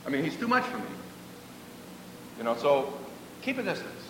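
Male preacher, high lively voice, earnest, repeats for emphasis, far from mic in a reverberant hall. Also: normal speed. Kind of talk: sermon. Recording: echoey hall, distant mic, faint rumble.

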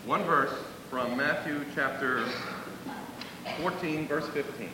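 Earnest preacher in an echoing hall. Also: male voice, slow. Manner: earnest, repeats phrases for emphasis. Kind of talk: sermon. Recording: echoey hall, distant mic, faint rumble.

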